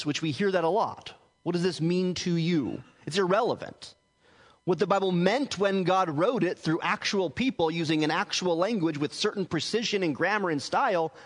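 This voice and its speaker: A man with a higher-pitched voice delivers a teaching sermon as a pastor. He explains earnestly, often breaking off and restarting words. His voice carries a long reverb, as if recorded in a church hall. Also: husky.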